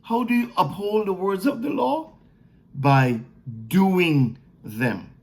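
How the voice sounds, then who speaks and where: Preacher, sermon teaching, slow deliberate pace, animated pitch, emphatic, repeats for stress, asks and answers own questions. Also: gravelly.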